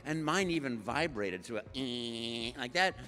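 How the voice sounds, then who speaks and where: A man's voice: mid-range voice, expressive, a little slow, pushed and bright. A man, a voice actor as guest, telling stories at a live stage Q&A, breaking into playful voices and sound effects. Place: large event hall on a live stage. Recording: reverberant hall with music behind.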